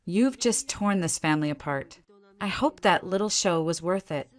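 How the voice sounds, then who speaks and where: A woman's voice: fairly low pitch, lively intonation, normal speed, lightly acted. Woman reading as a sneering spiteful relative. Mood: indignant. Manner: contemptuous, sneering.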